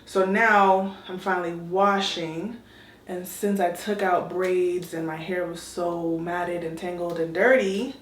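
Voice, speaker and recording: A woman chatting casually through her hair-washing routine as a vlogger, candid and relaxed. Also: fairly low pitch, slow, reverberant, slight background noise. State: out of breath. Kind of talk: casual vlog talk. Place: bathroom shower.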